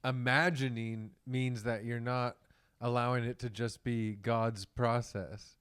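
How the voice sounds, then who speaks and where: Slow, wry man podcast co-host. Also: medium pitch, little pitch movement, a bit bright, clear, resonant tone. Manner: slow, wry, laughs often. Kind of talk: casual comedic podcast chat.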